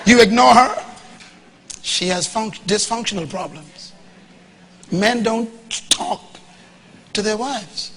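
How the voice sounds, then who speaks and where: A man preaching a sermon to a congregation, swinging from loud to hushed and acting out quoted dialogue. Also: high-pitched, takes it slowly, pauses often, a little hiss or hum. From Bahamas. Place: church hall before a live congregation.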